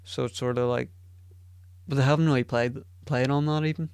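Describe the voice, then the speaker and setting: Gravelly flat-voiced podcast host. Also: male voice, mid-range voice, fairly quick, no echo. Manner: rambling and profane, self-deprecating. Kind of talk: casual solo podcast chat.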